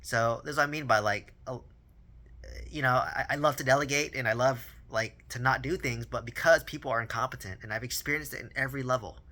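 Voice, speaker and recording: Casual male vlogger, thirties, bright tense tone, chatty storyteller who restarts words often. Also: mid-range voice, brisk. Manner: rambling storytelling, lots of "right?" and repeated words. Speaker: vlogger on real estate and personal finance. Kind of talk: casual talking-head monologue.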